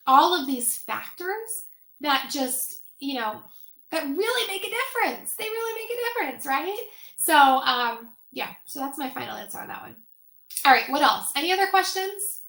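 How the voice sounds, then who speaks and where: A high, bright woman's voice talks through an online finance workshop in a chatty way, full of fillers and quick asides. Her voice is wearing thin from a long session. She sounds like she is in a roomy space with echo. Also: creaky. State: voice getting tired. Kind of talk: casual online workshop talk.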